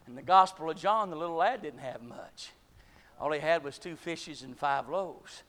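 High-voiced folksy preacher man. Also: animated, moderate pace. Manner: folksy, rising to loud shouted climaxes. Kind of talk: sermon.

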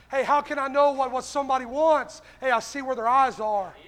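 A male preacher delivers a fiery sermon in a very high voice. He opens nearly every line with "hey" and moves in a rolling preaching cadence. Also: fairly even intonation, fairly quick, hardly any pauses, fairly bright tone.

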